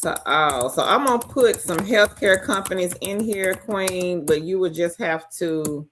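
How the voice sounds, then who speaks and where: A woman's voice: on the low side, a little hiss or hum. A woman hosting a casual live stream, greeting each viewer by name and reading out their comments.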